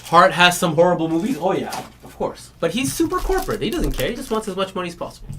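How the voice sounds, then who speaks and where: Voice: mid-range voice, big pitch swings, fast talker. Chatty card break host, noisy stream. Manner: chatty, laughs often, retells comedy bits. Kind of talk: casual live-stream chat.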